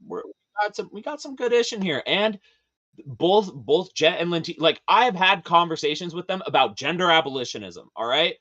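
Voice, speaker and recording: A man as a podcast guest in casual chat, animated and profane, laughing often. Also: a little high, moderate pace, dull audio.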